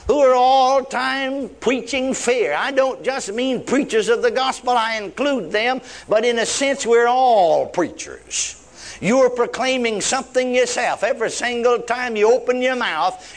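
An older man preaching a sermon, repeating key words with emphatic stress, drawing words out and dropping in praise interjections, in a folksy way of talking. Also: very high-pitched.

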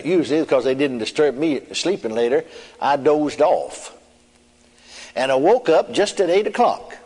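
A male preacher giving a testimony in a folksy storytelling manner, with chuckles and repeated asides to the congregation. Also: a little high. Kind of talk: sermon testimony. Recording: long reverb in a hall.

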